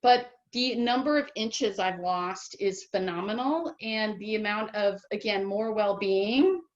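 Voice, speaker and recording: A woman guest telling her own story in a casual interview, lively and enthusiastic, with many "um"s. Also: mid-range voice, a little slow. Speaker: patient guest. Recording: slightly dull lo-fi audio.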